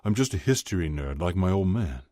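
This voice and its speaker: A man's voice: low-pitched, lively intonation, a little fast, warm tone, dry recording, clean studio sound, voice pushed up. Man doing a wry, self-mocking young guy.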